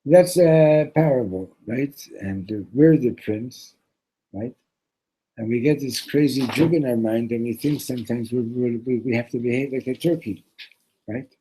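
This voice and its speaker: Through a parable, this man delivers a Torah lesson in a casual, conversational style, restarting sentences and dropping in Hebrew words. His mid-range voice has a dark tone and a moderate pace, and the poor audio carries a little hiss or hum.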